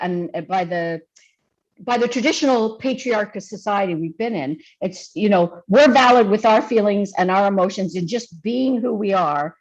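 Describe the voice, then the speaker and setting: Chatty woman on muffled video-call audio. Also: mid-range voice. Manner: chatty and expressive, acts out her own past remarks. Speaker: guest. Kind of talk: casual conversation.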